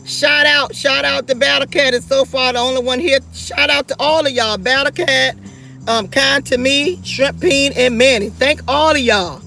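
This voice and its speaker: A woman's voice: high voice, moderate pace, gravelly, pushed and bright, soft background music. A middle-aged woman, ranting fierily and profanely on her livestream and talking straight to her viewers. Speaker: livestream host. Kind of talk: livestream rant.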